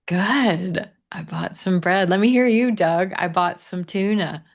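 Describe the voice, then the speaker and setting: A man with a Missouri accent teaching English pronunciation in a live online class, modeling phrases slowly for learners to repeat. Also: sits high, gravelly. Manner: slow, drawn-out model phrases. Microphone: video call.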